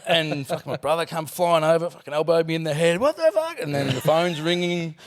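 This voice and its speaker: A former footballer in his forties with an Australian accent speaks a little fast in a slightly high voice as a podcast guest. He tells casual, animated stories, laughing often and swearing freely.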